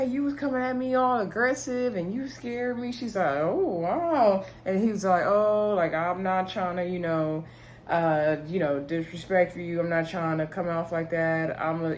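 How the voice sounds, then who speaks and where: A chatty, opinionated woman with a fairly low voice talks through a reality show episode in a casual recap. She retells scenes in her own words and adds her own take. A faint hiss sits under her voice.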